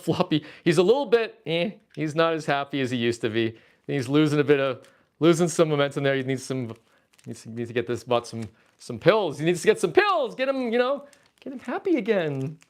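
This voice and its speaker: This man from Canada has a voice on the high side and talks a little fast. Hosting a casual livestream, he packs up his toy collection while reading out viewer comments and rambling playfully, easily excited.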